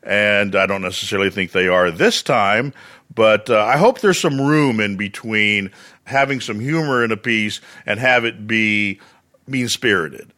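A man with a Central Texas drawl speaks as a radio correspondent, his lowish voice bright and forceful. He delivers absurd details with a wry, deadpan dryness. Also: measured pace. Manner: dry, wry deadpan humor. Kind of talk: radio interview.

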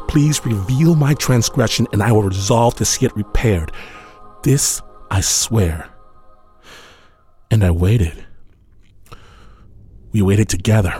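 A man narrating a dramatic story in a measured, grave voice with dramatic pauses. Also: fairly low pitch, darkish tone.

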